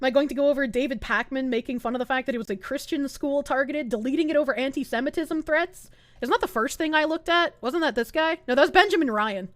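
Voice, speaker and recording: A woman's voice: high voice, quick pace, a bit bright, no echo. A woman streamer ranting live in heated, sarcastic, profane commentary. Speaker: Twitch streamer.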